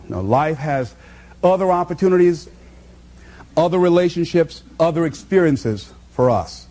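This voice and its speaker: A man delivers a motivational speech, preaching with emphasis and driving points home through repetition. His voice is high for a man. It leaps up and down in pitch and has a husky edge. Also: dark tone. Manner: preaching, emphatic, repeats phrases for effect. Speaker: motivational speaker. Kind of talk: motivational speech to a live audience.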